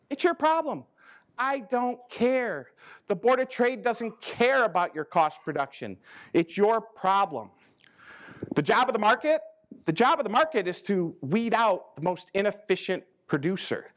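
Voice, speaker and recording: A man giving a joking, folksy talk to farmers at a conference, teasing people in the audience and acting out quoted farmers. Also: a bit bright. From American Midwest. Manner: folksy, teasing, acts out quoted farmers with big pitch jumps. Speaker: ag risk management advisor giving a talk. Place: conference learning center room with a live audience.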